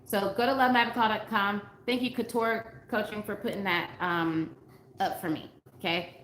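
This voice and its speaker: A woman dating coach chats casually with livestream viewers, earnest and emphatic, repeating her points and reading comments out loud. Her medium-pitched voice is steady and a bit bright at a normal speed, in a roomy recording with faint background noise.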